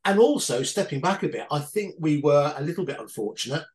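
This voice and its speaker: A man's voice: fairly high pitch, expressive, fairly quick, low-quality recording. Rambling male podcast co-host. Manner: rambling, hesitant opinions with fillers. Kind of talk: casual football chat.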